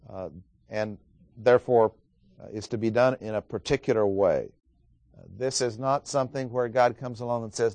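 Man, Bible study teacher: methodical, emphatic reader of scripture, occasional "uh" fillers, mid-pitched, dry close recording. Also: steady tone, moderate pace, darkish tone, no echo. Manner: methodical, emphatic, reads scripture aloud with stress on key words; frequent "uh" fillers.

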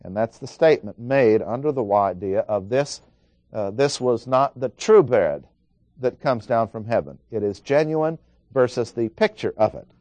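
A man's voice: medium pitch, expressive, normal speed, darkish tone, no room sound. A man preaching an expository Bible lesson, working through numbered points and reading scripture aloud.

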